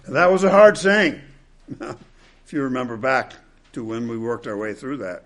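A man preaching an expository sermon, repeating key phrases and swinging between loud, emphatic peaks and hushed, low passages. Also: animated, moderate pace.

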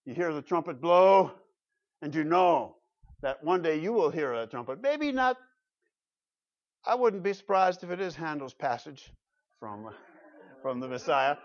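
A man preaching a sermon in a church, with emphatic swelling peaks and quieter conversational asides. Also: on the high side, animated, unhurried, long pauses, dull audio. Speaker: pastor.

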